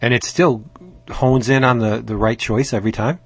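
A man co-hosting a podcast in casual chat, trading wry, deadpan jokes. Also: mid-range voice, moderate pace, no room sound. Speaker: podcast co-host.

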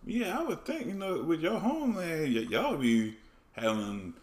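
A man's voice: a little high, sing-song, a little slow. A man interviewing a guest in a comedy sketch, asking curious, laid-back questions. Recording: roomy echo.

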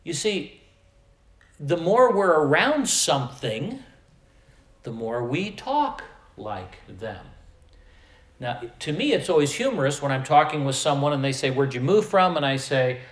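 A Midwestern American pastor with a fairly high, sing-song voice and a fairly bright tone preaches a sermon in a reverberant space. He speaks slowly and emphatically, his volume swelling and dropping.

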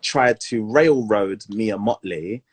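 A man's voice: fairly low pitch, slow, husky. A man co-hosting a podcast, joking around and stumbling over restarts. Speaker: podcast co-host. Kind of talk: casual chat.

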